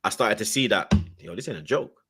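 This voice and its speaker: A man's voice: fairly low pitch, lively intonation, a little fast, over music. A man, a podcast guest telling a story in casual, slangy chat and repeating himself as he goes.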